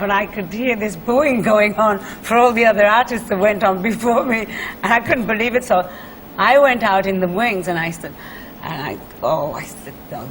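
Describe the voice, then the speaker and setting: A woman's voice: medium pitch, a little hiss or hum, poor audio. A Welsh woman, a singer, chatting as a guest in a television studio interview, telling stories with many fillers and laughs. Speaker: singer as talk show guest.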